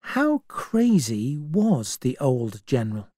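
A man reading a story aloud in a clear, measured way. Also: medium pitch, big pitch swings, darkish tone, dry recording, studio quality. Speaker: narrator. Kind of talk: scripted storybook narration.

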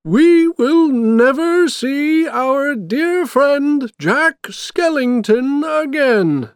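Sobbing mayor, super high and slow, loud and mournful. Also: male voice, lively intonation, dry recording, studio quality, heavily acted. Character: sorrowful male town mayor, grieving. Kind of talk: storybook reading.

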